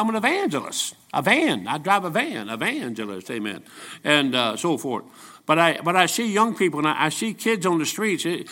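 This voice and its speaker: A man's voice: on the high side, pushed and bright. A man, a traveling evangelist, preaching a sermon in a church in a folksy, storytelling way, often restarting his sentences.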